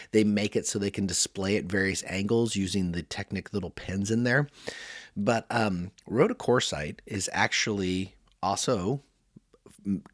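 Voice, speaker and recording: A man's voice: lowish voice, no room sound, studio quality. A man in his forties hosting a podcast, chatting casually and enthusiastically while reviewing a toy set. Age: 40s. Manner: chatty, rambling, enthusiastic storyteller. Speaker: podcast host. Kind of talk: casual product review chat.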